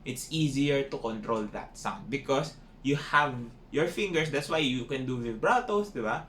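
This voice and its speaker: A Filipino-accented man teaches a casual violin lesson, mixing English and Filipino and frequently closing points with tag questions. His mid-range voice is bright-ish and lively in intonation, at a moderate pace, in an echoey room with faint noise.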